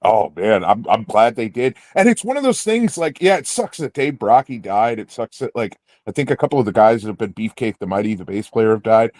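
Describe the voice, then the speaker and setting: A young man from Indiana, chatting casually and telling rambling, animated stories with plenty of swearing. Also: lowish voice, brisk, few pauses, dry recording. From Indiana, USA. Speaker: podcast co-host. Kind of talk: casual chat, storytelling.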